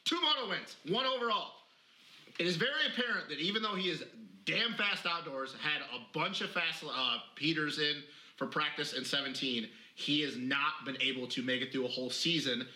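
A man talks fast and emphatically, swearing freely as he argues racing stats with friends. His voice is very bright and cutting. The room adds a noticeable echo. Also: a little high. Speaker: podcast co-host. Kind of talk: casual motocross chat.

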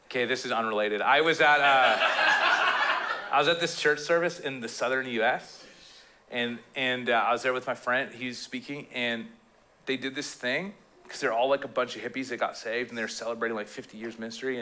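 A male pastor preaching a casual sermon, telling stories in a jokey, animated way and slipping into playful quoted voices. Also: mid-range voice, a little fast. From Canada.

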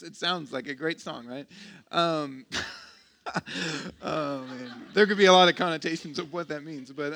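A man's voice: on the high side, creaky, fairly bright tone. A man preaching a sermon as pastor, casual and joking, with self-deprecating asides and frequent restarts. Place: church.

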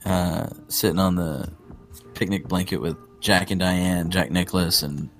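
A man co-hosting a podcast, making relaxed, wry jokes in casual banter. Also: low-pitched, a little slow, soft background music. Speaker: podcast co-host.

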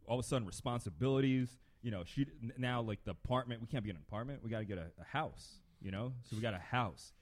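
Quick-talking male host, candid. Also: medium pitch. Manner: candid, conversational, steers the talk. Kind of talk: casual chat.

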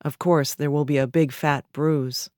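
A woman narrating literary fiction in a measured, even storytelling manner. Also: low voice, no echo, studio quality.

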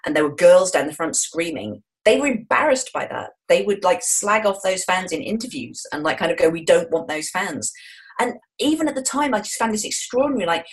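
A woman in her forties, a guest in an interview, telling stories in a frank, jokey, lively way. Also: mid-range voice. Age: 40s. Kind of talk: interview chat.

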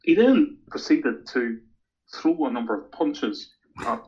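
A man's voice: a little high, big pitch swings, takes it slowly, darkish tone. A middle-aged Irish man telling a long anecdote in casual chat, with laughs and stumbling restarts. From Ireland. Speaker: guest. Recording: dull lo-fi recording.

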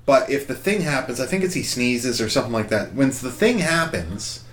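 A man's voice: mid-range voice, big pitch swings, normal speed, a little hiss or hum. A man chatting casually with friends, rambling through a long crude story with frequent laughs. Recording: echoey room with faint ambience.

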